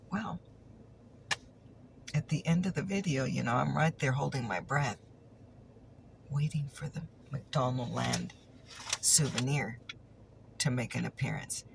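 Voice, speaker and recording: A woman's voice: extremely low pitch, gravelly, a little hiss or hum. A woman telling a chatty ASMR story, teasing and repeating her punchlines, sometimes dropping into a whisper.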